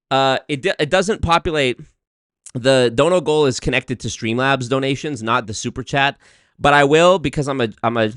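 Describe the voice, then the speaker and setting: A man doing casual, joking live-stream commentary, profane and swinging between loud rants and muttered asides. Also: medium pitch, moderate pace, no room sound, clean studio sound. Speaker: streamer reacting to clips.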